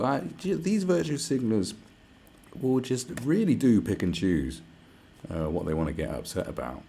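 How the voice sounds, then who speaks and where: A man's voice: on the low side, sing-song, moderate pace, vocal fry, mellow, breathy edge. A man ranting to camera, sarcastic and mocking, swearing a lot. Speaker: vlogger. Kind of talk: angry profane rant.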